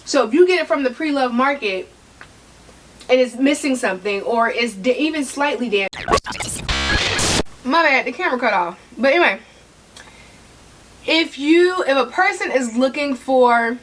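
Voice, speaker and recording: A woman with a high voice talks straight to her viewers in a casual vlog. She wanders off on tangents and comes back, repeating key points to drive them home. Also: animated, normal speed, pauses often, background noise. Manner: chatty, tangent-prone, talks to viewers directly; emphatic repeats for stress. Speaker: vlogger. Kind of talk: casual talk to camera.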